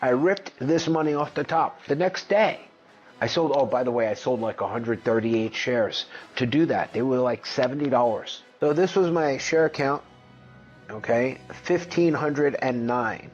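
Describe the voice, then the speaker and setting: A man hosting a finance video, talking casually and excitably over his screen, brash and profane as he runs through figures. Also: medium pitch, measured pace, highs cut off, faint music behind. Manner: brash, profane, excitable, jumps between numbers. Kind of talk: casual screen-share commentary.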